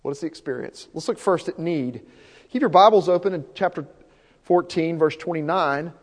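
A man's voice: fairly high pitch, moderate pace. A man preaching a sermon as pastor, earnest and repeating his key points for emphasis. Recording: long hall reverb.

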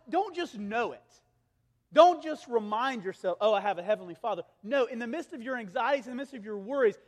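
A strikingly high-pitched male pastor in his thirties delivers a sermon, rising to urgent emphasis and then dropping to soft, tender hushes. His voice rings out with a long reverb, as if filling a large hall. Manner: swings from raised, urgent preaching to hushed, gentle tones.

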